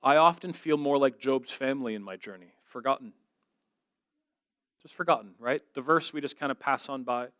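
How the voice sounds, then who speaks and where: A man's voice: medium pitch, normal speed, a bit bright, smooth, dry recording. A middle-aged man giving an earnest, conversational sermon as a guest speaker, telling stories and voicing the people he quotes.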